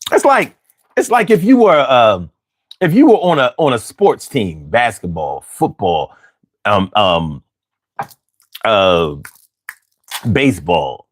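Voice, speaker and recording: A man's voice: on the low side, very animated, slow pace, long pauses. A man hosting a late-night livestream, ranting with heavy profanity and talking back to his chat. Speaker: livestream host.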